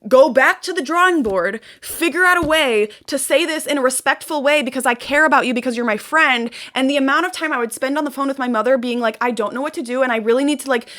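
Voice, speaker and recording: A woman's voice: high-pitched, fast, few pauses, a bit bright. A young woman vlogger venting to her viewers in an intense, emotional monologue, swearing and repeating phrases for emphasis.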